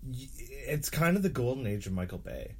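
A man guesting on a podcast, chatting in a relaxed, agreeable way and swearing casually. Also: medium pitch, a little fast, slightly rough. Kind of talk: casual chat.

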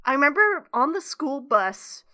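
A woman's voice: high voice, sing-song, measured pace, very noisy. A young woman co-hosting a casual chat, giggly and chatty with lots of filler words.

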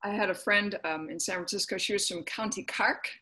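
A woman's voice: medium pitch, a little fast, bright, forceful tone. A woman hosting a podcast, chatting eagerly with her guest. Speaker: host. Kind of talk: casual chat.

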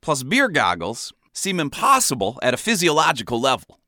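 A man reading his own comic memoir aloud in a wry, deadpan storytelling manner. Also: mid-range voice, normal speed, dry recording, studio quality.

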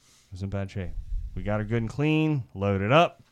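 A man from Iowa co-hosting a podcast, telling a crude, animated hunting story and laughing as he talks. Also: on the low side, moderate pace, smooth, highs cut off. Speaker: podcast co-host. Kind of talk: crude storytelling among friends.

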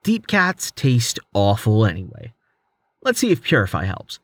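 A man's voice: fairly low pitch, huge pitch swings, unhurried, no room sound, heavily acted. A man voicing a playful young male adventurer in armor, in a casual, everyday voice. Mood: joking.

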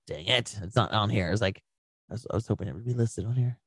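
A man's voice: lowish voice, a little fast, gravelly, fairly bright tone, husky, no echo. A man co-hosting a podcast in casual chat, laughing often as he jumps from one story to the next. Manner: chatty, laughs often, jumps between stories. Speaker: podcast co-host.

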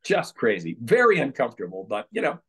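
A man telling lively stories as a guest in an interview. He acts out quotes and laughs through his anecdotes. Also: mid-range voice, a little fast, breathy edge. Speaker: podcast guest, former page.

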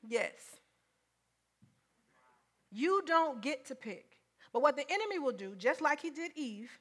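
A woman's voice: high voice, big pitch swings, normal speed, sharp tone. A woman preacher giving a sermon in an emphatic, conversational way, often repeating her points.

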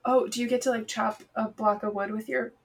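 A young adult woman co-hosting a podcast, teasing her co-host and quick to laugh. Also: a little high, fairly even intonation, gravelly, slightly rough. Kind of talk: casual chat.

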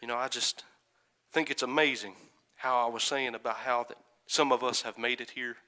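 A man preaching a sermon, moving from quiet storytelling to loud, fervent calls and asking the congregation for an "Amen". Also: mid-range voice. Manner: builds from soft musing to shouted fervor, calls "Amen?".

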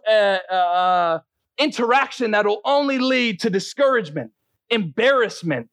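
A man's voice: extremely high pitch, fairly bright tone, no echo. A man preaching a sermon as a pastor, earnest and teaching, often restarting his sentences.

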